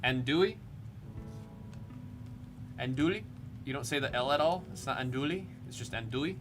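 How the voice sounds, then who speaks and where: A man with an average-pitched voice hosts a live card break stream, chatting loosely and calling out the names of cards as he opens packs. He drifts between side stories and card reads in a relaxed, rambling way. Music plays clearly under his voice throughout. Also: quick pace. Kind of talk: casual live-stream commentary. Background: background music.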